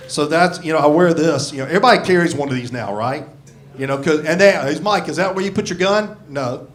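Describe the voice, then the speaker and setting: A man in his sixties doing a gruff, profane, self-mocking stand-up comedy set on a club stage. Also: fairly high pitch, fast talker. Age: 60s. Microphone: handheld stage mic. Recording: live club recording with crowd laughter. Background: audience laughing.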